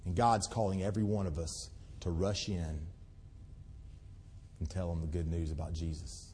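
A man preaching a sermon as a pastor, telling folksy stories and swinging from loud outbursts to hushed pleading. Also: sits low, fairly even intonation, normal speed, slight background noise. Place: church sanctuary. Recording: long hall reverb.

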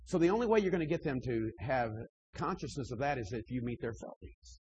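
A man preaching to church leaders, emphatic, swinging between loud pushes and quieter asides, with frequent restarts. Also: mid-range voice, lively intonation, a little fast, breathy edge, lo-fi sound. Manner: emphatic, rising and dropping in volume, frequent restarts.

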